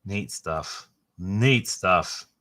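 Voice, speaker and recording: A middle-aged man hosting a casual book unboxing, rambling and enthusiastic, with a halting way of talking. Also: low-pitched, pushed and bright. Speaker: host.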